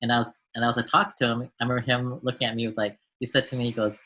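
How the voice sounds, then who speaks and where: A man's voice: mid-range voice, flat delivery, very fast, sharp tone, rough recording. An American man, a doctor being interviewed on a podcast, speaking in a reflective way and often repeating words as he restarts. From United States. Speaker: guest, doctor and mentor.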